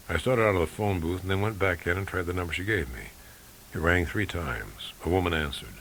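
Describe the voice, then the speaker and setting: A man reading a first-person novel aloud in a dry, measured, wry way. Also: sits low, a bit bright. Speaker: audiobook reader. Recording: faint tape hiss.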